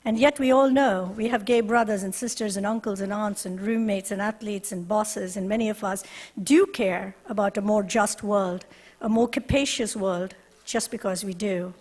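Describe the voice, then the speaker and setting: A woman directing a university resource center, giving an earnest, measured ceremony speech with deliberate pauses. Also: medium pitch, fairly even intonation, darkish tone, big-room sound. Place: ceremony hall.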